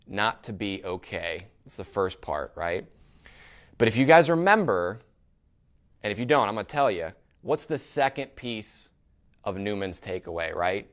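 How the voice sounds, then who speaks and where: Animated man preaching a sermon. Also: fairly low pitch. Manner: animated, asks the congregation questions, often adds "right?". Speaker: pastor. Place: church.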